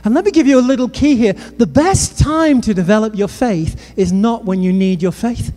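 A high-pitched British man preaches at a moderate pace, recorded with the long reverb of a big hall. His sermon is built on humorous, lively stories and direct asides to the crowd.

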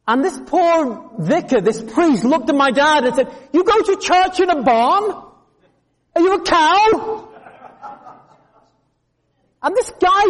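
A man preaching a sermon, telling a story with humor and lively asides to the congregation. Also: extremely high pitch. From England. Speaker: pastor. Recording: long reverb of a large hall.

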